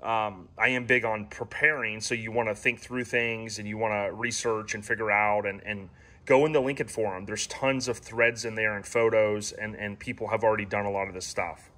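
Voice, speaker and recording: A man's voice: fairly low pitch, moderate pace. A man hosting a casual, rambling walkaround of his classic car, giving owners tips. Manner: relaxed and rambling, many ums and restarts.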